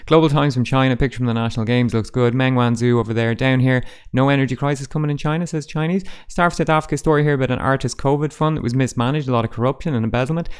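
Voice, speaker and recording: A man's voice: medium pitch, very fast, hardly any pauses, clean tone. A man hosting a casual roundup of newspaper front pages, with dry, sarcastic asides. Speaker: host.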